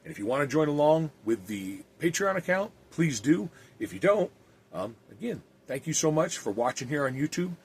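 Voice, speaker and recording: A man's voice: a little high, big pitch swings, normal speed, a little hiss or hum. A man who is an evangelist and podcast host, talking earnestly and plainly with some restarts and reading aloud.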